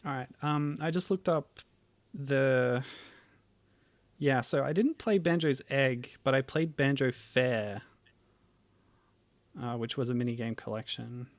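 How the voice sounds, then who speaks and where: A man's voice: mid-range voice, slow pace, long pauses, dry recording. A man streaming games, chatting casually, thinking aloud and laughing often. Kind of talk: casual livestream chat.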